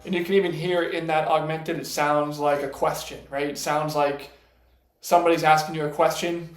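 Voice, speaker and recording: A man's voice: a little high, flat delivery, normal speed. Patient male piano teacher, echoey room. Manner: patient, explains step by step, counts out loud. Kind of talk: casual piano lesson. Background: piano notes between lines.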